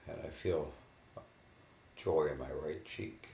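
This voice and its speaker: A man in a guided imagery therapy session, slowly and haltingly describing what he feels in his body. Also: rumbling low, fairly even intonation, gravelly, mellow, reverberant, a little hiss or hum. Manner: slow, halting, inward reporting of body sensations. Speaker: therapy client.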